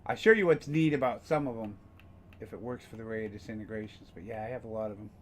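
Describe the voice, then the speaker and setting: A man's voice: fairly low pitch, fast talker, a little hiss or hum. Rambling man streaming a game. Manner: rambling, casual, with frequent fillers and swearing. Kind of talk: casual gameplay commentary.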